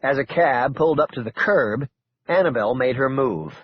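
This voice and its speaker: A male narrator reads a thriller audiobook in a steady, measured way. His voice is husky with a lively pitch. The recording sounds dull and lo-fi. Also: no room sound. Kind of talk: scripted narration.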